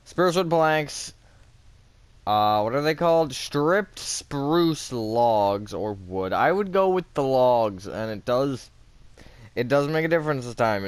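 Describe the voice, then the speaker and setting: Chatty man with a smooth, dry voice. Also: mid-range voice, no room sound. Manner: chatty, self-mocking, many fillers. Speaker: game tutorial host. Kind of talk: casual building tutorial.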